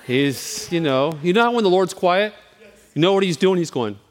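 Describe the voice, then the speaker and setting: A man preaching an informal sermon in a candid, self-deprecating way. His voice sits high and swings widely in pitch. The sound rings with a long reverb, as if in a large church hall. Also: expressive, moderate pace. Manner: candid, self-deprecating, chatty with frequent restarts. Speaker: pastor.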